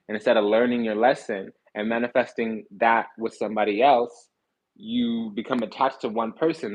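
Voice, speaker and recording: Blunt, husky-voiced male tarot reader. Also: mid-range voice, low-quality recording. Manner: blunt, slangy and swearing, with self-correcting restarts. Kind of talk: casual tarot reading.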